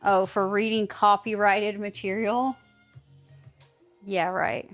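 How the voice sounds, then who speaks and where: A woman's voice: medium pitch, flat delivery, takes it slowly, faint music behind. A woman in her thirties streaming live, chatting casually and teasing her chat, swearing freely.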